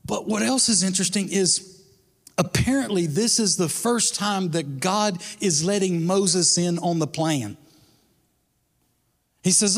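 A man's voice: high-pitched, unhurried, in a large hall. A man preaching a sermon as a pastor, in a casual, conversational way with bits of slang. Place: church sanctuary.

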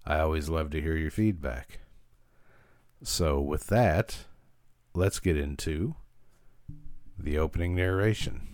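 A man's voice: extremely low pitch, takes it slowly, pauses often, a little mellow, dry recording, studio quality. A man hosting a podcast, casually recapping an episode with frequent fillers and restarts. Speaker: podcast host.

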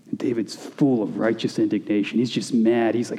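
A man's voice: fairly low pitch, little pitch movement, brisk, hardly any pauses, warm tone, big-room sound. A man preaching a sermon in a conversational way, with casual asides to his listeners.

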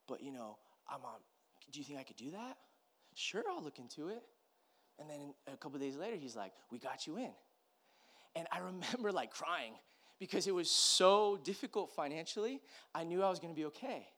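A man preaching as a pastor, telling a personal story in a conversational way that swings from hushed to emphatic. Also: fairly high pitch, very animated, normal speed. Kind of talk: sermon storytelling.

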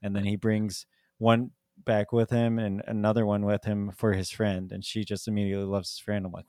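A man's voice: on the low side, level tone, moderate pace, a little mellow, clean tone, dry recording, studio quality. A man co-hosting a podcast, chatting casually about a movie, rambling with lots of "like" and frequent laughter. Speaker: podcast co-host. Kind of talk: casual movie review chat.

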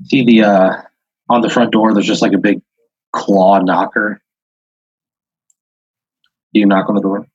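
A man with a low, husky voice spins an improvised second-person story, rambling along with plenty of "like" and "uh" fillers. The sound is dull and lo-fi, as from a basic podcast setup. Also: little pitch movement, measured pace, pauses often, no room sound. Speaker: podcast host. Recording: dull lo-fi audio.

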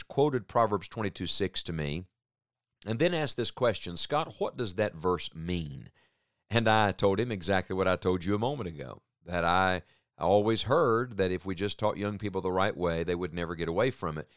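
A middle-aged man delivers a sermon with earnest conviction, leaning on deliberate pauses and stressed words. His voice sits low, and it is recorded close and dry, with no room sound around it. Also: clean tone, dry recording. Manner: earnest, measured preaching with emphatic pauses. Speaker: preacher.

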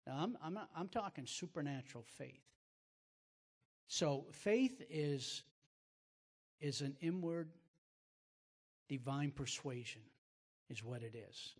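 A man's voice: fairly high pitch, lively intonation, slow pace, pauses often, in a large hall. A man hosting and teaching like a preacher, emphatic and repeating words as he builds his point. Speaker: preacher host. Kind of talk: sermon-like teaching.

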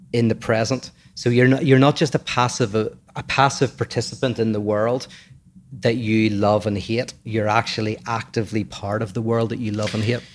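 A man's voice: on the low side, slight background noise. A man hosting a casual philosophical discussion, explaining ideas patiently and searching for the right words. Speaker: podcast co-host.

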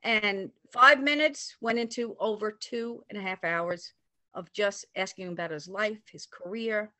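Older woman telling a lively anecdote. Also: medium pitch, measured pace, no echo. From New York area. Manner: animated, acts out quoted voices. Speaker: storyteller recounting a personal memory. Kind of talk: casual anecdote.

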